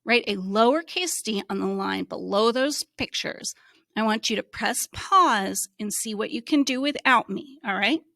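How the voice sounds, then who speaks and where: A woman who teaches reading, giving a slow, encouraging phonics lesson to young children and sounding out letters. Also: a little high, expressive, gravelly, sharp tone, no echo, clean studio sound.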